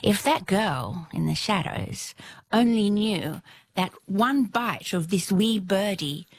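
A woman voicing a sly, gossiping fairy maiden in a told folktale, with a husky, gravelly voice. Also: mid-range voice, animated, takes it slowly, no echo. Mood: knowing.

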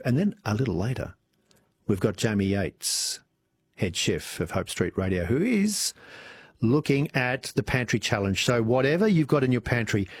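A man with an Australian accent hosting an evening talk radio show, chatting warmly with listeners and swooping up and down as he talks. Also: on the low side, breathy edge, no echo. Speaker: radio host. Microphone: studio microphone.

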